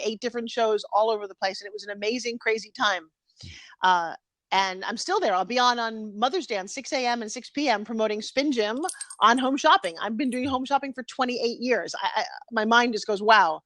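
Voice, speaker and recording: A woman in her fifties speaks candidly and with feeling, her voice close to tears as she tells her story. She sits at a middle pitch, recorded dry and close over a live video stream. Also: a bit bright, no echo. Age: 50s. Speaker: guest. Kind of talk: emotional interview conversation.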